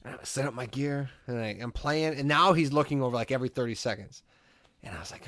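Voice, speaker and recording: Quick-paced and medium in pitch, a thirtysomething man co-hosts a podcast with no room sound and clean studio audio. His story wanders in an animated, casual way, with "like" dropped in constantly.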